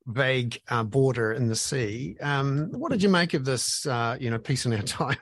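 A man's voice: mid-range voice, lively intonation, normal speed, dry recording, clean studio sound. A man hosting a political podcast, asking questions conversationally with lots of fillers. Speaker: podcast host. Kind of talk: casual political chat.

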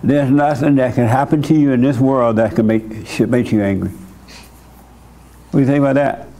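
Guy running a church session, mellow warm voice, keeps firing short questions at the caller, blunt and insistent. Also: medium pitch, fairly even intonation, normal speed. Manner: direct and insistent, repeats words for emphasis; asks short pointed questions. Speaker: church host counseling a young caller. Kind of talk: blunt counseling conversation.

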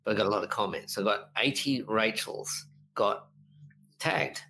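A middle-aged business coach in a casual podcast interview, telling stories in an animated way and acting out quotes. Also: male voice, lowish voice, normal speed, slight background noise, low-quality recording. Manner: animated storyteller, lively voices for quotes, frequent laughs.

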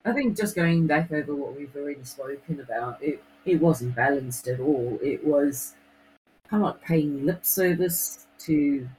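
A man's voice: on the high side, unhurried, darkish tone, a little hiss or hum, poor audio. A man co-hosting a podcast, chatting casually and agreeably. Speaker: podcast co-host. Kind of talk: casual chat.

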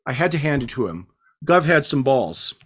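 A male author reading his novel aloud as measured, hard-edged first-person narration. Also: mid-range voice, very animated, fairly bright tone.

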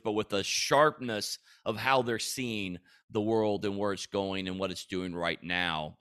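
A man hosting a Christian podcast, talking casually and earnestly in a rambling way, with frequent restarts and bursts of animation. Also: lowish voice. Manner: rambling, repeats himself and restarts, with animated bursts when quoting God. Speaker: podcast host.

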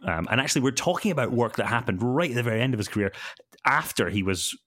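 A man's voice: mid-range voice, lively intonation, fast talker, fairly bright tone, dry recording, clean studio sound. A man co-hosting a casual podcast, talking with many ums and self-corrections. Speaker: podcast co-host.

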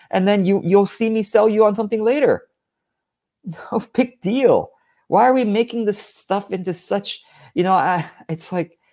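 A man's voice: high voice, a little mellow. A man giving a direct-to-camera business talk in a blunt, exasperated, emphatic manner. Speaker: business coach.

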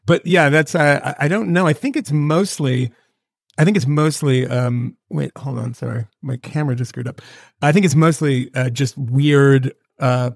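A man's voice: on the high side, creaky, no room sound, clean studio sound. A man co-hosting a podcast from a home video setup, rambling and joking in casual chat and swearing now and then. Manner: rambling, jokey, swears, does quick mock voices. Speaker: podcast co-host.

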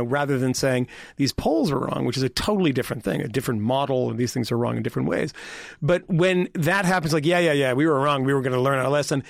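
A man's voice: fairly high pitch, vocal fry, no echo, studio quality. A man on a podcast panel talking politics in casual chat, rambling and interrupting himself with repeated words.

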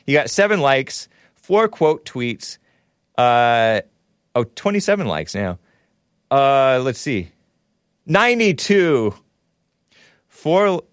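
A man's voice: medium pitch, no room sound, studio quality. A man hosting a call-in talk show, rambling and laughing as he reads comments and takes calls. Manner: rambling, laughs often, restarts mid-sentence.

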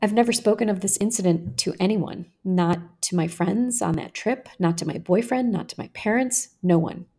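Husky, gravelly woman reading an essay. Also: mid-range voice, warm tone. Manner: measured, earnest storytelling. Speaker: podcast host. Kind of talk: reading a personal essay aloud.

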